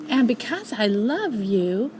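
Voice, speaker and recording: A woman's voice: fairly high pitch, very animated, takes it slowly, noisy background. An older woman voicing a proud, fussy male rabbit who sniffs his lines knowingly in a storybook reading. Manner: sniffy know-it-all.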